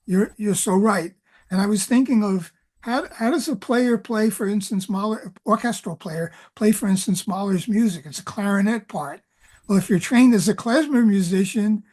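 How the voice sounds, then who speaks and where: A woman lecturer in an academic discussion, talking in halting phrases with many restarts. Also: medium pitch, a little mellow.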